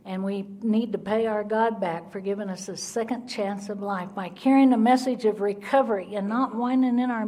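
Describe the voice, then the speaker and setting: A woman's voice: on the high side, a little mellow. A middle-aged woman, telling her recovery story bluntly and earnestly at a speaker meeting. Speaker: Al-Anon speaker. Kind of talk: recovery talk, personal story.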